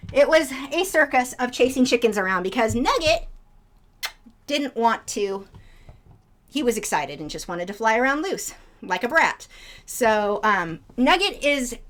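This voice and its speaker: A young woman chatting casually on a live stream, rambling between topics and breaking into a high baby voice for her pet birds. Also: a bit bright. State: out of breath.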